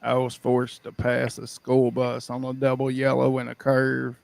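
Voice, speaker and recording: A man's voice: mid-range voice, completely flat delivery, moderate pace, vocal fry, a little mellow, no room sound. A man co-hosting a live show, laid-back and unapologetic about his bad behavior. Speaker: co-host. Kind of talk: casual chat.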